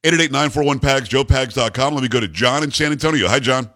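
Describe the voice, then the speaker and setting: A man from Long Island hosting a call-in radio show, blunt and opinionated and quick to disagree with callers. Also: medium pitch, bright, forceful tone, dry recording, clean studio sound. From Long Island, New York. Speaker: radio talk show host. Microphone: studio microphone.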